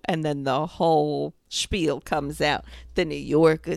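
Low gravelly New York woman. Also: unhurried, few pauses, no echo, studio quality. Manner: blunt, animated storyteller. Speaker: podcast co-host. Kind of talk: casual chat.

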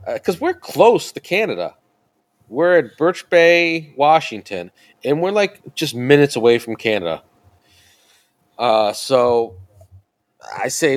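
A man in his thirties, a podcast guest, telling a family anecdote in casual chat, animated and often laughing. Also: mid-range voice, a little slow.

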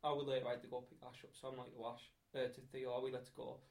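A man's voice: mid-range voice, little pitch movement, racing. A man telling crude, laughing anecdotes in a casual chat.

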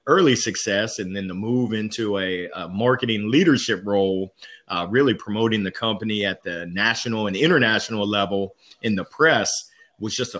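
A man with a fairly low voice tells his career story as a podcast guest. He is candid and upbeat, talking casually in a storytelling way. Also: fairly bright tone. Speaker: podcast guest, sales leader.

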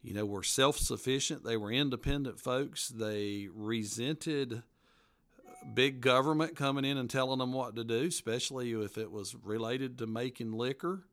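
A man's voice: medium pitch, moderate pace, fairly bright tone. Folksy man telling stories. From western North Carolina mountains. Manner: folksy, rambling, laughs at his own stories. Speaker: local history author interviewed as guest. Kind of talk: casual storytelling interview.

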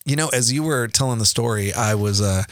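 A middle-aged man chats at an even, mid-range pitch, circling back and restarting his sentences as he tells family stories. He laughs easily between thoughts. The sound is dry and close, with no room around it. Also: brisk, dry recording. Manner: rambling, laughs often, many restarts. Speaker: podcast co-host, father. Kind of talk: casual storytelling chat.

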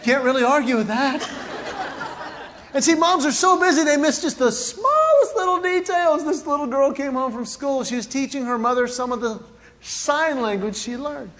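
A man's voice: very high voice, animated, moderate pace, fairly bright tone, a faint crowd, slight background noise. A man performing a stand-up comedy routine, animatedly acting out moms and kids as he tells stories. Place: large hall with live audience. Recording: reverberant hall, faint ambience.

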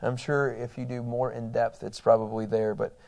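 A man's voice: medium pitch, little pitch movement, moderate pace, gravelly, darkish tone. A middle-aged man teaching a Bible class in a conversational way, reading scripture aloud and asking his listeners questions.

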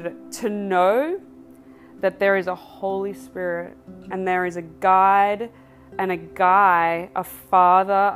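A woman hosting a podcast, telling her own faith testimony in a candid, emotional way. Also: medium pitch. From Australia. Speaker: podcast host.

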